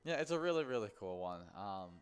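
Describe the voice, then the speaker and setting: Smooth low-voiced male stream host. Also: very animated, faint music behind. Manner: halting, many fillers and restarts while reading aloud. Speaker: bingo livestream host. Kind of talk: casual chat reading celebrity birthdays.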